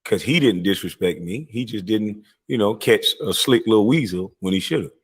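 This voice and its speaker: A man's voice: on the low side, lively intonation, normal speed, breathy edge. Profane, confrontational man ranting to camera. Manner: profane, confrontational, swings into loud mocking voices. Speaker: live-stream talker. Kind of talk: heated rant to camera.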